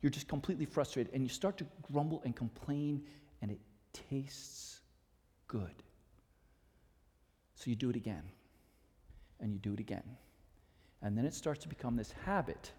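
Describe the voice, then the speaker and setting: A man preaching a sermon as a storyteller, dropping to a low, intimate hush for emphasis. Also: expressive, moderate pace. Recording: reverberant hall.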